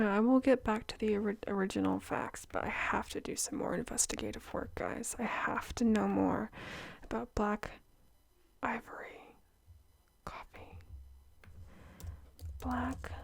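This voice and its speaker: A young woman doing soft-spoken ASMR, often dropping into whispers on a close microphone. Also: a little high, measured pace, vocal fry, husky, no echo. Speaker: ASMR creator.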